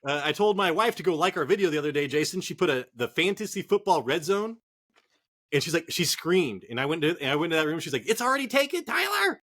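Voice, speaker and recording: A Northern California man co-hosts a fantasy football show from a cold garage, rambling, joking, and swearing plenty in casual profane sports chat. His voice is fairly high and fairly bright, animated, and he talks fast.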